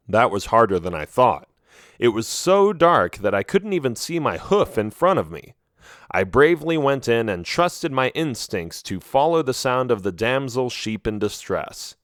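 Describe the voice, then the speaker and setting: An audiobook narrator gives an expressive first-person reading of a children's animal story at normal speed. His middling pitch moves around a lot, and the recording is close and dry with no echo.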